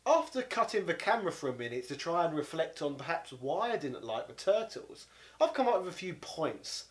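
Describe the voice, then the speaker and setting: A man's voice: on the high side, very animated, brisk. A man, delivering an exasperated comedic rant as a game reviewer. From London, England. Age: 30s. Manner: exasperated, indignant, peppered with 'bloody'. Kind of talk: comedic ranting monologue.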